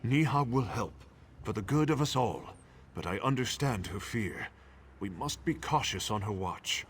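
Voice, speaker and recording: Lively-voiced scheming male ally. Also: fairly low pitch, normal speed, slight background noise. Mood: calm. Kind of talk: video game dialogue.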